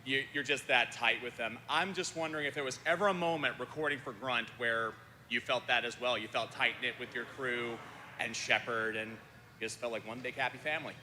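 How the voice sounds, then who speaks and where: A man's voice: medium pitch, fairly quick, sharp tone. Eager male fan in a reverberant hall. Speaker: audience member asking a question. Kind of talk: convention Q&A question. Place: convention hall. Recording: reverberant hall with faint noise.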